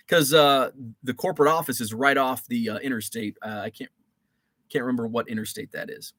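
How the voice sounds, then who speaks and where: A man hosts a casual live stream and chats with viewers in a loose, rambling way, full of fillers and false starts. His voice sits at an ordinary middle pitch. The recording is dry and close, with almost no room sound. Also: fairly even intonation, moderate pace, a bit bright, no room sound. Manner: rambling, many fillers and restarts.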